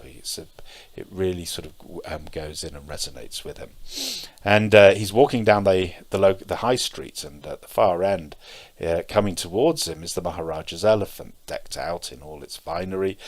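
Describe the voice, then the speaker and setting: A middle-aged man giving a Zen dharma talk, telling stories in a hesitant way with many pauses and fillers. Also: sits low. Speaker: Zen teacher.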